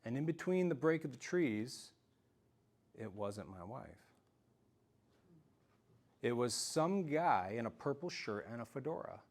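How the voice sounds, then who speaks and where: A man telling a story in an animated, self-mocking way during a talk to a live audience. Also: medium pitch. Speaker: speaker giving a self-defense talk.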